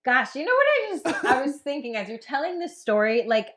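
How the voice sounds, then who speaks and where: Puerto rican lady podcast host, high bouncy voice, laughs a lot. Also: a little fast. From Puerto Rico. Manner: expressive, laughing. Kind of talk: casual chat.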